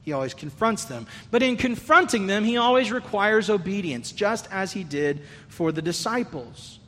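A male pastor preaching a sermon in an earnest, conversational way, catching and restarting his phrases as he goes. His voice sits high and sounds bright and forceful. The long reverb of a large hall trails after his words. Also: lively intonation, normal speed.

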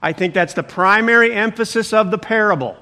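The pastor talks fairly quickly in a voice that sits high. Animated and conversational, he reads the text, explains it, and interrupts himself with exclamations.

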